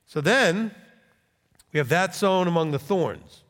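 A pastor preaching a sermon in a church in a conversational, animated way, often checking in with "okay?". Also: male voice, high-pitched, slow, in a large hall.

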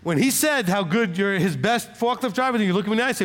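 A man's voice: sits high, lively intonation, fast, a bit bright, long reverb tail. A man serving as pastor, coaching a congregant in an emphatic, encouraging way at a church Q&A.

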